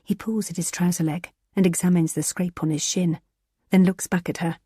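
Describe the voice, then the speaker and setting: A woman reading a thriller audiobook in a tense, measured narrating style. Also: fairly low pitch, steady tone, mellow, slightly rough, no room sound, studio quality.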